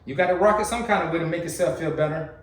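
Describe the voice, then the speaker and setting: Male reaction host, casual and teasing, slightly high voice, echoey room. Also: fast, recorded from a distance, crowd noise. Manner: chatty, teasing, addresses viewers as fam. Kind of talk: casual commentary on a clip.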